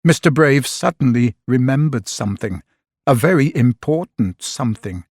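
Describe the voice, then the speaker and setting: A man narrating a children's storybook in an expressive, unhurried way. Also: medium pitch, no room sound, studio quality.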